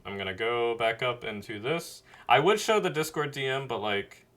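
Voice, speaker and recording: A man's voice: medium pitch, expressive, normal speed, fairly bright tone. A man streaming a casual, earnest and rambling monologue, reflecting on himself at his computer mic. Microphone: webcam mic at a computer.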